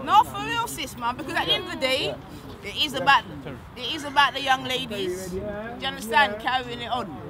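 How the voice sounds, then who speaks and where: A man addresses a street gathering in loose slang, tagging his points with questions to the listeners. His voice runs high. Crowd chatter fills the open air. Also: expressive, fairly quick. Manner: street slang, rhetorical tags. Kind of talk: casual speech to a crowd. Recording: crowd noise outdoors.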